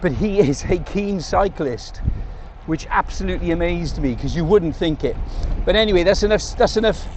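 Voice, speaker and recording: Riding his bike along country roads, an Englishman vlogs to the camera in a chatty, rambling way full of jokey asides. His high voice is expressive with a darkish tone at a moderate pace, and a little hiss or hum is audible.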